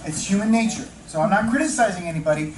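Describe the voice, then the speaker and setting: A man leading a teacher-mentoring workshop, chatting with the audience, asking questions and slowing down to stress key points. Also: high-pitched, expressive, slight background noise. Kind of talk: interactive workshop talk. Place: training room with audience. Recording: echoey room, distant mic, faint ambience.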